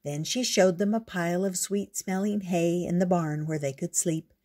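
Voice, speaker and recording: A woman reading a picture book aloud in a gentle, unhurried storyteller's way. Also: fairly low pitch, steady tone.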